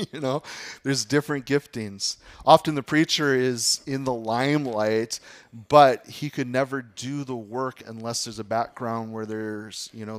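A male pastor gives an easygoing, chatty sermon to his church. He keeps asking the congregation questions and laughs readily at himself, speaking at an ordinary mid pitch. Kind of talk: casual conversational sermon.

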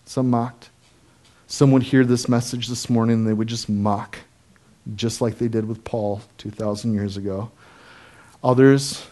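A man preaching a sermon as pastor, emphatic and full of rhetorical questions, often tagging his points with a quick question before moving into a prayer. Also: mid-range voice, a little mellow.

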